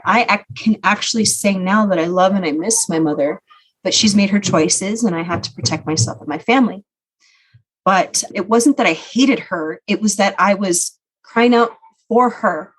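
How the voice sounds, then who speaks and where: A woman's voice: mid-range voice, moderate pace. Woman telling her own story, earnest. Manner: earnest, reflective, with frequent "you know". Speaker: podcast guest. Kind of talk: personal storytelling.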